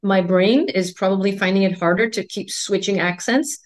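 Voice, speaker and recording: A woman in her forties with a mixed Indian and American accent, answering interview questions in a calm, articulate way. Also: medium pitch, moderate pace. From India and United States. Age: 40s. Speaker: guest, endocrinologist.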